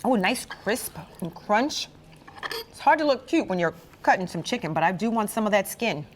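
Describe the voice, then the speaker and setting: A woman's voice: mid-range voice, lively intonation, normal speed, a little hiss or hum. A woman hosting a cooking show, tasting the food and reacting with gushing exclamations as she chats with a chef. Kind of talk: enthusiastic cooking show chat.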